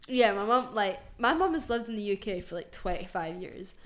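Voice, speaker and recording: A woman's voice: mid-range voice, normal speed. A young Scottish woman hosting a podcast, telling stories with lots of swearing and fillers. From Scotland. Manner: animated storytelling, lots of swearing and "like". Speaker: podcast host. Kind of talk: casual chat.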